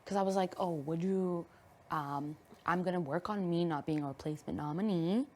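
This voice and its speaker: A woman's voice: on the low side, normal speed. A woman chatting casually as a reality show houseguest, telling stories with lots of laughter and acted-out quotes. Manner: lively storyteller, laughs often, acts out quotes. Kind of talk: casual chat.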